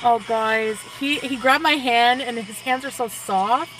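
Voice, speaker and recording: A young woman vlogger with a slightly high voice chats casually to her viewers at an unhurried pace. She's giddy and gushing, full of likes and sighs, and she's recorded from a distance with background noise and music playing.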